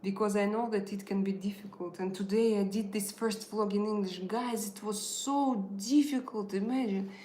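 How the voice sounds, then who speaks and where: A woman's voice: medium pitch, steady tone, normal speed, few pauses, mellow. A woman hosting a casual live tarot stream, speaking hesitantly with many filler sounds and non-native phrasing. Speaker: tarot reader and channel host. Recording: roomy echo.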